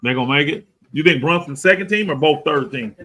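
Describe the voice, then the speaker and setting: A man in a casual sports chat, laid-back as he mulls over player stats out loud. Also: fairly high pitch, expressive, fairly quick, slight background noise. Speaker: podcast co-host.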